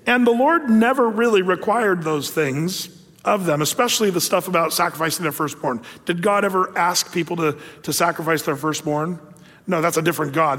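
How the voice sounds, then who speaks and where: A male pastor giving a sermon, reading scripture and retelling stories in a conversational, animated way. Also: on the high side, in a large hall.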